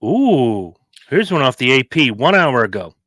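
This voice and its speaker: A man's voice: mid-range voice, very animated, unhurried, a bit bright, dry recording. A worn-out man co-hosting a podcast, bantering in a wry, laid-back way. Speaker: podcast co-host. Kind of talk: casual chat.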